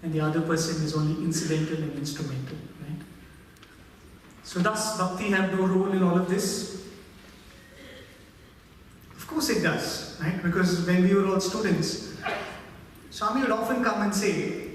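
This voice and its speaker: A man with a high voice gives a devotional talk and tells a story, often asking "right?" to check in with his audience. He speaks from far off in a large hall with a long, heavy echo, and a faint hum of noise sits behind him. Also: normal speed, pauses often. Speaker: spiritual speaker.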